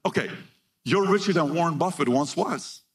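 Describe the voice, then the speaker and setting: A man giving a motivational keynote to a live audience, energetic and punchy, reading figures out in short bursts and firing questions at the crowd. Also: fairly high pitch, normal speed. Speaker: keynote speaker.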